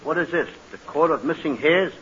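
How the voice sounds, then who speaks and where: A comedian man in 1940s radio comedy, wisecracking and quick to protest. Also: on the high side. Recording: dull hissy 1940s radio broadcast.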